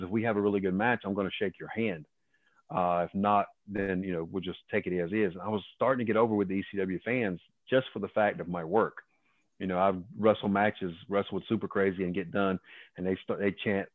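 A man in his fifties tells wild, profane stories as an interview guest and jumps into other people's voices. His voice sits low and comes through a thin, phone-like line. The sound is dry and close. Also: fast, dry recording. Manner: profane, animated, acts out other people's lines. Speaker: guest, former pro wrestler. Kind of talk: casual storytelling.

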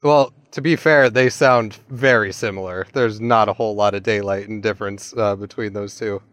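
A man's voice: on the low side, fairly even intonation, normal speed, fairly bright tone, dry recording. Easygoing man, dry close sound. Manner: easygoing, laughs often. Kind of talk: casual chat.

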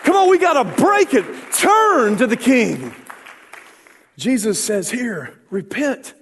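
Animated pastor preaching in a reverberant church. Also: male voice, extremely high pitch, slow pace, slightly rough, some chatter behind. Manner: call-and-response preaching, building to shouts. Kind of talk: sermon.

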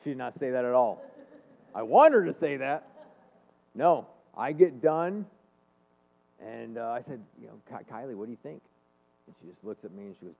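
A man's voice: mid-range voice, moderate pace, creaky. Man speaking in an echoing hall. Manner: storytelling, earnest and animated. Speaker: speaker and leadership coach. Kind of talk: faith-based talk to an audience. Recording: long hall reverb, phone-like band.

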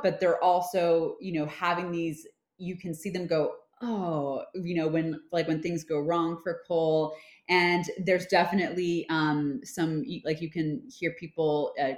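Lowish-voiced woman, chatty, lots of um and like, echoey room. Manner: chatty, many fillers and restarts. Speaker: film producer, guest. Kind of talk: casual interview chat. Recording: roomy echo.

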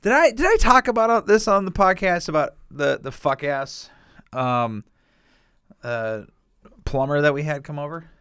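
A man chatting on a podcast, his pitch swinging widely as he tells stories. He swears freely and sounds animated. The recording is dry and close. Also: normal speed, clear, resonant tone, no room sound. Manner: profane, animated storytelling with frequent laughs. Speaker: podcast co-host. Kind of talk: casual podcast chat.

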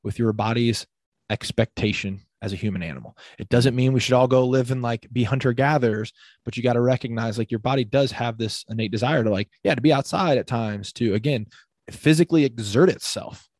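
A fitness coach talking as a podcast guest, energetic and casual, with lots of "like" fillers. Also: male voice, mid-range voice, a little fast, dry recording. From Midwest United States. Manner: energetic, heavy use of "like".

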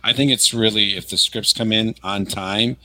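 A man's voice: fairly low pitch, fairly even intonation, moderate pace, sharp tone, poor audio. A man on a casual podcast panel, earnest and agreeable as he weighs in. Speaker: podcast co-host. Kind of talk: casual chat.

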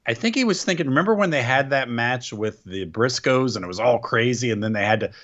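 A man co-hosts a wrestling podcast and talks through a match with excitable energy. His pitch swings widely as he gets worked up. The recording is muffled and lo-fi. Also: brisk. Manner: excitable, animated recapping of a match. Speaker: podcast co-host. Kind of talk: casual wrestling podcast chat. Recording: dull lo-fi sound.

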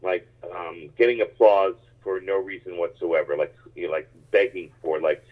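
A man who grew up in the United States, a stand-up comedian telling rambling, animated stories in a casual interview. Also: low-pitched, a little fast, breathy edge. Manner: animated, rambling anecdotes with many restarts. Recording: tinny phone-like line.

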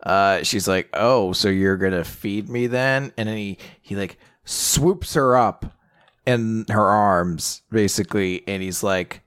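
A man co-hosting a podcast, casually recapping a manga chapter and quoting the characters in quick put-on voices. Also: fairly low pitch, a bit bright. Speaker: podcast co-host.

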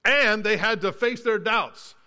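A male pastor preaching a sermon earnestly, with repeated phrases and restarts, dropping quiet when he tells scripture. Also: sits high, unhurried.

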